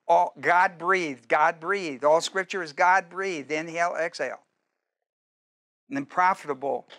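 A male pastor preaching a teaching sermon, emphatic and repetitive, slowing down to stress key commands and quizzing his listeners with questions. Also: high voice, sharp tone. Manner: emphatic, repeats phrases, slows down to stress commands.

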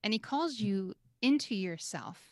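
A religious sister co-hosting a podcast, chatting with lots of fillers and frequent laughter. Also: female voice, mid-range voice, measured pace, no echo, clean studio sound. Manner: animated, laughs often, many fillers. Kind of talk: casual chat.

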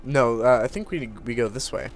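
A man's voice: medium pitch, fairly quick. A man chatting easily while playing a co-op video game, with frequent uh's and hedges. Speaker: gameplay co-commentator. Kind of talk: casual co-op game commentary.

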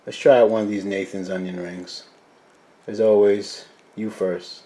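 A man hosting a casual cooking video, chatting to his viewers as "guys", quiet and mumbling while he cooks and louder when he turns to the camera. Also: on the low side, level tone, a little slow. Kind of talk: casual cooking vlog chat.

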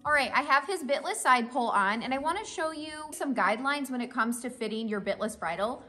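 A woman's voice: sits high, expressive, brisk, bright, forceful tone, faint music behind. Upbeat woman explaining horse tack. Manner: friendly, explaining step by step with frequent "okay?". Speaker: horse owner and rider. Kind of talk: casual instructional vlog. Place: at a horse farm.

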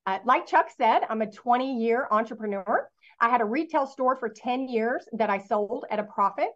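A woman's voice: fairly high pitch, animated, moderate pace, muffled recording. A middle-aged woman, telling her business story to an audience and asking them questions in a motivational talk. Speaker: network marketing speaker.

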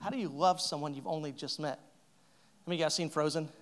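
A man's voice: fairly high pitch, a little fast. A male pastor giving a conversational, jokey sermon in a church, acting out quoted lines. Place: church sanctuary.

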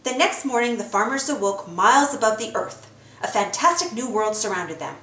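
A woman narrating a children's storybook aloud in an expressive storytelling manner. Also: a little high, normal speed, echoey room. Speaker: storybook reader.

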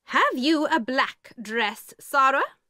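A woman's voice: high-pitched, sing-song, dry recording, clean studio sound, voice pushed up, exaggerated voice. A woman putting on a stern, indignant headmistress. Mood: cold. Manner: sharp, indignant, slow and emphatic. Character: stern, angry female headmistress, middle-aged.

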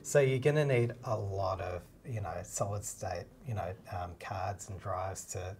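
Deep-voiced man explaining film gear. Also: a little slow, a little hiss or hum. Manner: relaxed and practical, with many fillers. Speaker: documentary filmmaker and cinematographer; co-host. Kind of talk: casual explanatory chat.

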